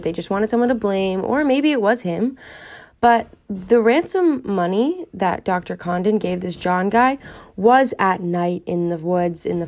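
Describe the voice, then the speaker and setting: Young woman podcast host, casual true-crime storyteller, chatty, thinks out loud with plenty of filler words. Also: mid-range voice. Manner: chatty, wondering aloud, many fillers.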